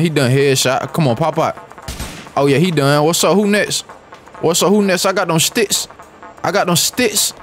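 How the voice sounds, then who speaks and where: Young man, high and lively voice, excitable gameplay commentary, slangy, repeats himself, faint music behind. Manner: excitable, slangy, repeats phrases, mutters rap lines. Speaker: gaming YouTuber.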